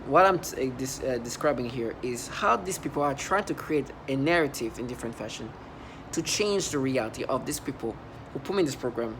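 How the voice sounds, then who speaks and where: Against a noisy background, a man with an accent and medium pitch delivers a long, rambling monologue about his workplace experiences as a vlogger. He speaks emphatically and keeps restarting his sentences.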